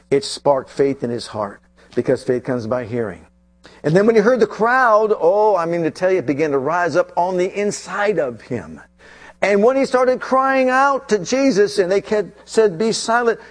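A man preaching a sermon with passion, swinging between loud bursts and hushed, drawn-out lines. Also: high-pitched, big pitch swings.

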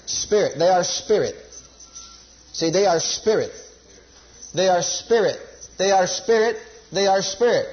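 Male preacher, high-pitched, emphatic sermon delivery with repeated refrains, muffled lo-fi recording. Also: expressive, measured pace, pauses often. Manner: emphatic, repeats key phrases, leads congregation call-and-response.

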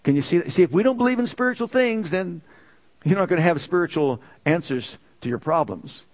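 Emphatic preacher with a higher voice. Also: male voice, lively intonation. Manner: leads the congregation in call-and-response, drawn-out emphatic phrases. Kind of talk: sermon.

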